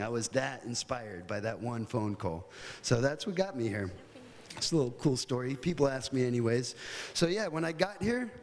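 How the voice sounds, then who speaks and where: A man's voice: on the high side, darkish tone, long reverb tail. A middle-aged American man giving a casual, chatty conference talk, telling stories with plenty of fillers. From United States. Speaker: guest speaker. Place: hotel conference hall.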